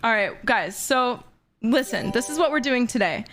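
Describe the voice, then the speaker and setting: A young woman in her twenties with a high-pitched voice chats casually with her live-stream audience at a normal speed. She sounds excitable and gushing, giggling often as she goes.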